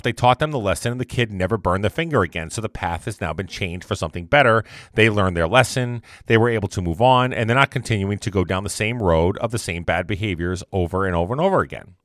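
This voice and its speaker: A man's voice: lowish voice, fairly bright tone, dry recording, studio quality. A man giving a casual motivational monologue, rambling and repeating himself as he talks. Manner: rambling and repetitive, conversational.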